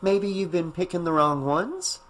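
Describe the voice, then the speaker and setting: A man voicing a busy single mother with a hurried, mildly worried delivery. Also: sits high, lively intonation, a bit bright, poor audio.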